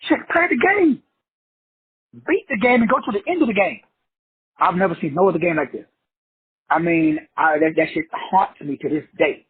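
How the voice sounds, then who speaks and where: A man with a very husky, raspy voice and a high pitch that swings up and down a lot. He talks to his listeners like a preacher, blunt and full of swearing, in an animated motivational monologue. The sound is thin and phone-like, and it is dry. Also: a little fast. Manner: preachy, blunt and profane, addresses listeners directly. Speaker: host of a self-help show. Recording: tinny phone-like dry audio.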